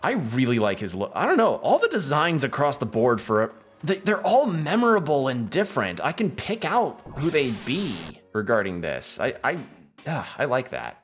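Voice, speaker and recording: A man's voice: medium pitch, huge pitch swings, normal speed, breathy edge, soft background music. A man streaming a game, chatting casually and thinking aloud about where to go next. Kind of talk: casual gameplay commentary.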